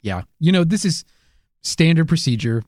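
A man with a fairly high voice trades deadpan, absurd jokes on a comedy podcast, chuckling between lines. The sound is close and dry, with no room around it. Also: moderate pace, dry recording. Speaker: podcast co-host. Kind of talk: improvised comedy banter.

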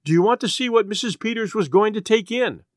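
A man reading a brisk, incisive county attorney. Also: high voice, no room sound, clean studio sound, voice pushed up, close to an everyday voice. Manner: incisive, dismissive.

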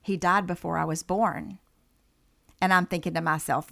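A woman's voice: lowish voice, moderate pace, vocal fry, long pauses. A woman, a medium, telling a vivid story as a podcast guest and acting out the voices in it. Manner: animated storyteller, acts out quoted dialogue.

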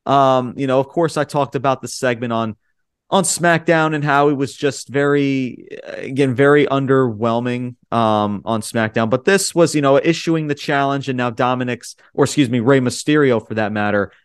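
A man's voice: mid-range voice, normal speed, smooth, dry recording. Rambling man recapping wrestling, dry sound. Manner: rambling, heavy on fillers like "you know" and "um"; blunt and opinionated. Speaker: podcast host. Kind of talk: casual wrestling show recap.

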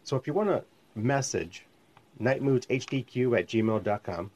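Animated yet slow, a minister and podcast host teaches in a rambling, conversational manner, often stopping to correct himself. His medium-pitched voice is a little mellow. He records in a home studio called the lab, with slightly muffled lo-fi sound.

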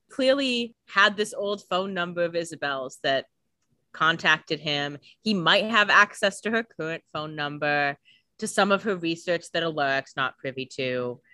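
Low, bright-voiced woman chatting casually. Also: no echo. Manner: chatty, fillers of "like", swears casually. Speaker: podcast co-host recapping a TV episode. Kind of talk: casual chat.

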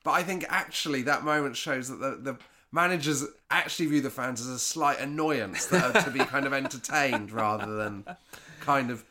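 A man's voice: medium pitch, normal speed, sharp tone. A man in casual podcast chat, talking in a rambling, reflective way with lots of hedging fillers.

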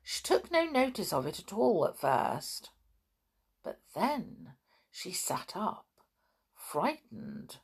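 A woman reading a children's storybook aloud with expressive, dramatic narration. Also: mid-range voice, takes it slowly, creaky, husky.

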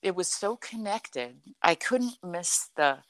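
A middle-aged woman telling a personal story in a conversation, animated and full of "like" and "you know". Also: on the low side, takes it slowly, no room sound. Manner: animated, acts out quoted dialogue, frequent "like" and "you know".

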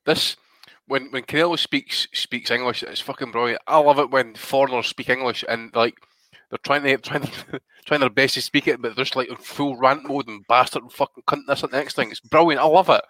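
A man co-hosting a casual podcast, animated and sweary in his enthusiasm. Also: medium pitch, fairly quick, no echo, poor audio. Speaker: podcast co-host.

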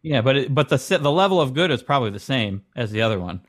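A man co-hosting a casual comedic podcast, talking in an earnest, animated way. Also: mid-range voice, fast. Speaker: podcast co-host.

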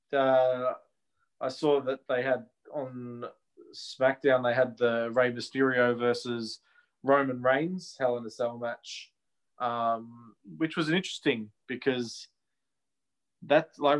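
Australian male co-host, casual and opinionated, mid-range voice. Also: medium pitch. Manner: chatty, opinionated, laughs easily. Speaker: wrestling podcast co-host. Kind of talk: casual chat.

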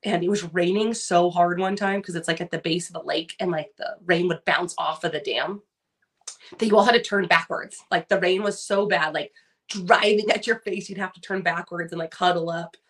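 Middle-aged woman from California, podcast co-host, gravelly voice, rambling casual delivery. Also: fairly low pitch, fairly even intonation, moderate pace, a bit bright. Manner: rambling, full of "like" and restarts. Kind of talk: casual chat.

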